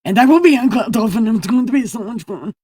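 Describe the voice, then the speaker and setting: A woman's voice: fairly high pitch, expressive, quick pace, dark tone, breathy edge, no echo, clean studio sound, voice pushed up. A woman voicing Jesus as a casual, flippant grown man with slangy, profane talk.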